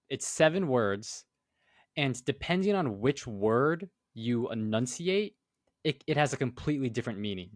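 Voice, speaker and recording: A man's voice: medium pitch, big pitch swings, normal speed, dry recording, clean studio sound. A young man co-hosting a casual podcast, presenting survey results and teasing his friend. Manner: teasing, explains at length. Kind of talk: casual chat, explaining.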